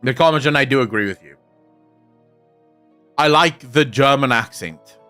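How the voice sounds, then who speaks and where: A man's voice: mid-range voice, moderate pace, bright, forceful tone, soft background music. A man from South Africa whose first language is Afrikaans, speaking English with an Afrikaans accent, chatting casually and profanely while answering viewers' comments on a live stream.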